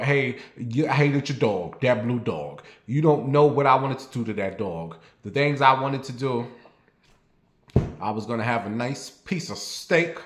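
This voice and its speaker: A man tells a rambling story straight to his viewers. He is blunt and swears freely, his voice sits at a middling pitch, and the room around him rings with echo. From New York. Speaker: vlogger. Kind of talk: casual storytelling monologue. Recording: roomy echo.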